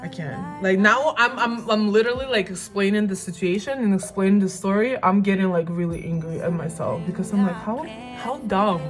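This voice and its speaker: A woman's voice: medium pitch, a little fast, hardly any pauses. Rambling young woman vlogger over music. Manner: chatty, rambling, self-mocking. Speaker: beauty vlogger. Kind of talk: casual storytelling while doing makeup.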